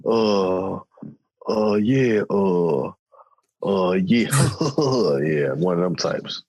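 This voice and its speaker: A man co-hosting a casual podcast, backing up his partner with quick replies. His voice is very deep and husky and moves widely in pitch. The audio is dry and dull, like a muffled recording. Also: lively intonation, a little mellow, no room sound. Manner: agreeable, backs up the other host with short replies. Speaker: podcast co-host. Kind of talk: casual chat.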